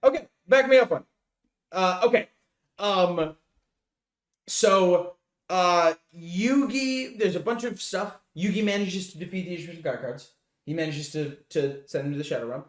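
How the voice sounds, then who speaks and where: A man's voice: sits high, measured pace, roomy sound. A man co-hosting a podcast, recapping a show in casual chat, rambling with many fillers and swearing freely. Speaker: podcast co-host.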